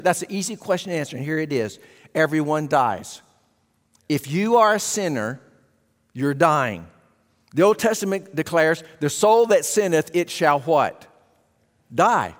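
A man's voice: high-pitched, fairly bright tone. A man preaching a sermon to a congregation, emphatic and asking rhetorical questions. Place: church sanctuary. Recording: long hall reverb.

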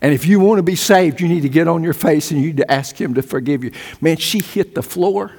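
An older male pastor preaching a sermon, swinging from loud emphatic peaks to hushed low storytelling. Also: brisk, gravelly, husky. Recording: long hall reverb.

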